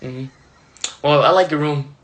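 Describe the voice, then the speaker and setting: A young Dominican man hosting a live stream over a phone video call, relaxed and amused. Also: on the high side, unhurried, background noise. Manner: amused, laid-back. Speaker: livestream host. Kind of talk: casual live chat.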